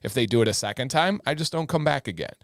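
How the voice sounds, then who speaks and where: A man's voice: mid-range voice, lively intonation, fast, no room sound, clean studio sound. A man co-hosting a casual livestream, enthusiastic as he retells stories and brings up viewer comments. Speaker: livestream co-host.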